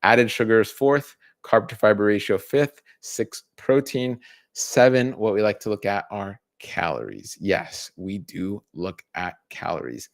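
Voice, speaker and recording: A man's voice: fairly low pitch, a little slow, creaky, no room sound, clean studio sound. A man in his thirties, a dietitian hosting a live stream, explaining casually and counting off points in a list. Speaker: dietitian host.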